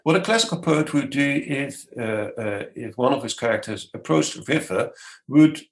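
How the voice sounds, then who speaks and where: Man, scholar guest, gravelly voice, measured lecturing delivery with frequent pauses. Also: medium pitch, animated, rough recording. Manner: measured, lecturing, many hesitations. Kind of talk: explanatory interview answer.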